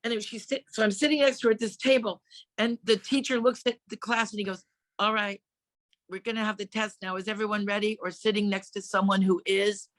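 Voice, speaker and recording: A woman in her sixties is a comedian guest on a podcast, telling stories in casual chat. Her delivery is deadpan, and she acts out the voices of the people she quotes. The sound is close and dry. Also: medium pitch, brisk, no echo.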